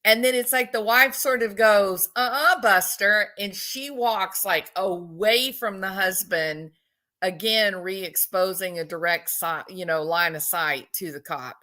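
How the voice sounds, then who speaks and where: A woman's voice: medium pitch, measured pace, pushed and bright. A woman giving casual, chatty commentary on a video clip and often asking her viewers questions. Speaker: commentator analyzing body language.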